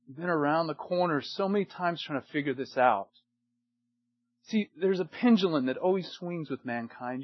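An older man preaching a sermon to men, emphatic, swinging between loud bursts and hushed lines. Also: on the high side, muffled recording. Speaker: pastor.

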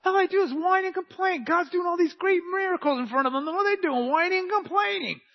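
A man doing a high whiny complainer. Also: quick pace. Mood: whining. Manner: high whining, shouting complaints. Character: whiny complaining grown man, self-pitying. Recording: dull lo-fi recording.

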